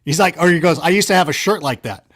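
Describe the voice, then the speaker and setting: A man being interviewed, casually rambling through stories in an animated, self-correcting way with a sarcastic streak. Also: a little high, quick pace. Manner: sarcastic banter. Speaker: guest. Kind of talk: casual storytelling.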